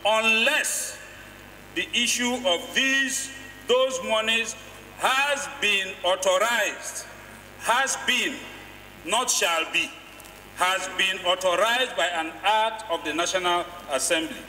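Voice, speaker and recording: A man's voice: sits high, takes it slowly, bright, forceful tone, a little hiss or hum. A Nigerian man addressing parliament, quoting law and stressing single words emphatically. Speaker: lawmaker. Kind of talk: parliamentary speech. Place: legislative chamber. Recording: echoey chamber from a distance.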